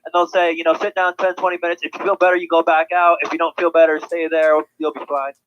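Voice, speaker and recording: Fast-talking man on a dull call line. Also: fairly high pitch, flat delivery, slight background noise. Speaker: guest. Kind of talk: casual chat.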